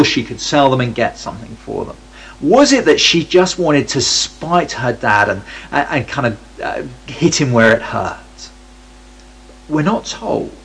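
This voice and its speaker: A man's voice: fairly high pitch, breathy edge, poor audio. A man reading a Bible passage aloud and commenting on it in a conversational, wry way, often stopping to restart his sentences. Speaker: Bible teacher.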